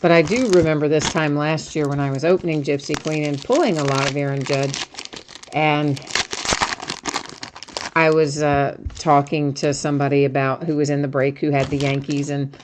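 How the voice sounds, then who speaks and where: Woman host, low voice, chatty card-break patter, faint noise behind. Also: little pitch movement, moderate pace. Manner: chatty, thinks aloud, frequent laughs. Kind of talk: live card break chat.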